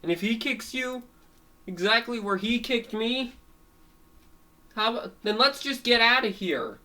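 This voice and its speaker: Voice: medium pitch, lively intonation, a little slow, bright, forceful tone, pitched above the performer's own voice. A storyteller doing a whiny hurt cartoon cat. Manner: whining, complaining.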